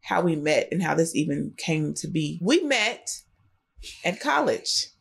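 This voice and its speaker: A woman, co-hosting a podcast in lively, chatty talk. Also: low-pitched, measured pace, vocal fry, husky. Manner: lively, chatty, animated storytelling. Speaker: podcast co-host. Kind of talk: casual chat.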